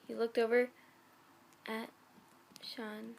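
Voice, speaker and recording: A woman's voice: a little high, completely flat delivery, normal speed, creaky, long pauses. A woman reading fan fiction aloud in a casual way, often breaking off to giggle and comment on the text. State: sick.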